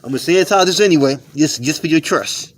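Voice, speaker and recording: A man chatting casually as a street interviewer, coaxing and reassuring, counting out loud as he works. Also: a little high, fast talker, a little hiss or hum. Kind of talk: casual chat. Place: outdoors in public.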